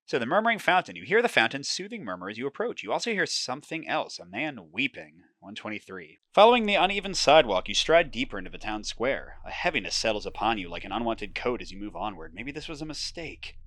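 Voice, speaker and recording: Man, board game host, animated swooping pitch, dramatic story reading, casual asides. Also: no echo. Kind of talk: reading story text and explaining game moves.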